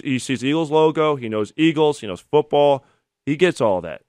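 This thirty-something sports call-in radio host fills time between callers with chatty storytelling, livening up whenever he tells an anecdote. He has a mid-range voice, captured on a studio microphone with clean studio sound and no room sound.

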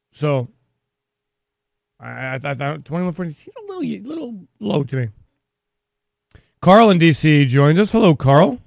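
A man's voice: on the high side, vocal fry, dry recording. A man hosting a call-in sports radio show, talking with energy and repeating words as he thinks aloud.

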